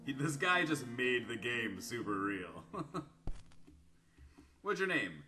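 A man doing let's-play commentary, reading answers aloud in animated voices and laughing often. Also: mid-range voice, slow pace, music in the background. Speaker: gaming YouTuber.

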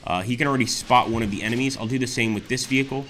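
A man hosting a let's play, commenting excitedly on a strategy war game and often exclaiming to his viewers. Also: mid-range voice, very fast, a little hiss or hum. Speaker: gaming channel host.

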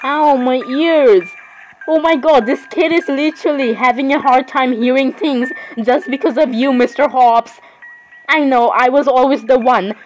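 A woman's voice: high-pitched, normal speed, slight background noise, poor audio. A woman giving casual, chatty commentary on a game and saying "literally" all the time. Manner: chatty, says "literally" constantly. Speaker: gaming video creator.

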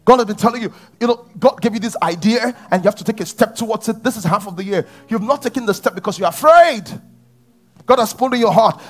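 A high-pitched man preaches to a church congregation, pressing his points with repeated rhetorical questions. Faint music plays underneath his voice. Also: big pitch swings, fast talker. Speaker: pastor. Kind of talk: sermon.

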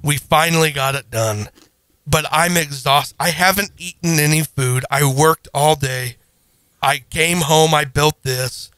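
Man, thirties, podcast storyteller, casual, self-deprecating, bright tone, dry sound. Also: fairly high pitch, measured pace, clear, resonant tone, no room sound. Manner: animated, self-deprecating, acts out his own panic. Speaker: podcast co-host.

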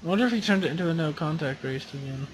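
A man commentating his own racing game, chatty and self-encouraging, bursting into loud excited exclamations. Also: a little high, rapid-fire, background noise. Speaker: gaming channel host.

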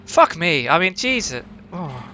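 Excitable, swearing male gamer. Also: fairly high pitch, a little slow, soft background music. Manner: excitable, heavily profane, jumpy. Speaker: gaming channel host. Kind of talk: casual let's-play commentary. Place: at home.

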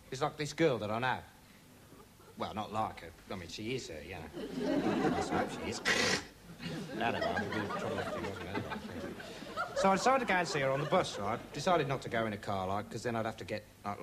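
A dim rambling would-be investigator. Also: male voice, fairly high pitch. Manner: meandering, earnest, full of 'like' and 'right'. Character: dim rambling young man playing a self-styled investigator. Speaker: comic investigator character. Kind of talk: rambling comic monologue to camera. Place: TV studio before a live audience. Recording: TV studio with audience laughter and noise.

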